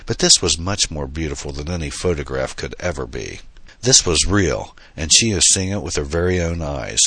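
A man narrates a novel in a steady, measured way. His voice sits extremely low yet has a bright, slightly husky edge, and the close recording is dry with no room sound. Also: dry recording. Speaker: audiobook narrator. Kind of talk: scripted narration.

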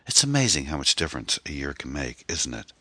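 A man voicing a concerned, attentive man on a date in an audiobook, gentle and reassuring. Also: very deep voice, sing-song, a little fast, no echo, exaggerated voice. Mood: curious. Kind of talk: audiobook character voice.

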